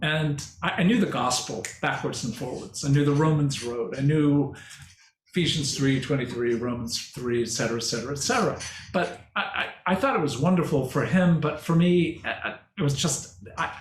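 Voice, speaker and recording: An older man giving a conference talk and answering questions, speaking slowly and reflectively with halting restarts. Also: fairly high pitch. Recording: echoey hall with faint noise.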